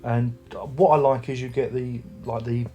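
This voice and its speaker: Guy rambling about a record at home, kinda mellow dark voice, faint music under it. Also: medium pitch, little pitch movement, normal speed. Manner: rambling, chatty, many restarts. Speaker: music review vlogger. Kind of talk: casual chat. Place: home room with record player and speakers.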